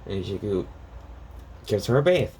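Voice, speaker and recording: A man's voice: lowish voice, big pitch swings, normal speed, a little mellow, slight background noise. A young man casually retelling a fan story, rambling with restarts and "she goes like".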